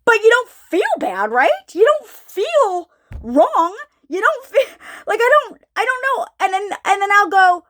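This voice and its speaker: High, lively-voiced woman preacher. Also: unhurried. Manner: searching, repeats herself, asks the audience questions. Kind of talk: informal sermon.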